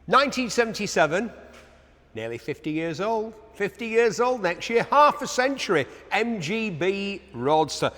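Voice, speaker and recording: A man's voice: sits high, very animated, normal speed, a bit bright. A man presenting cars for an auction in a chatty commentary style, full of jokey asides to himself. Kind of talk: chatty car walkaround commentary. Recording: echoey large hall.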